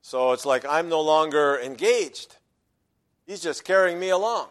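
A man delivering a sermon as pastor, his voice sitting a little high for a man. He preaches emphatically, falling quiet for side remarks and swelling loud when he quotes a verse. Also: animated, unhurried.

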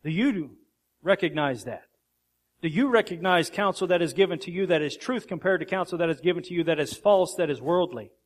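An earnest male pastor delivering a sermon, his voice sitting a little higher than most men's. He reads verses slowly and with weight, leaning into key phrases. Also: expressive. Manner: earnest preaching, reads scripture aloud with slow emphasis.

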